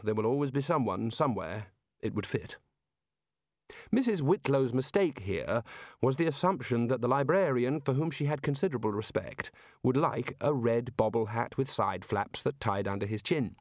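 A man narrating a comic fantasy audiobook in a measured, deadpan way. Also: medium pitch, no echo, clean studio sound.

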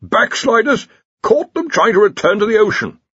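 A pompous older wizard dean, as a man voices him, shrill, fussy and scolding, pitched well above the reader's own voice. Husky and dry, close to the mic, slightly dull in tone. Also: wildly swooping pitch, moderate pace, a bit bright, dry recording, exaggerated voice. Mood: indignant. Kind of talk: audiobook character voice.

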